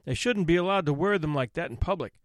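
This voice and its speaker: A man's voice: a little high, animated, fast, dry recording, natural voice. A gossipy, flustered baker rambles through his excuses in a raised, bouncy voice, put on by a male narrator. The sound is close and dry. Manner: chatty, excusing himself.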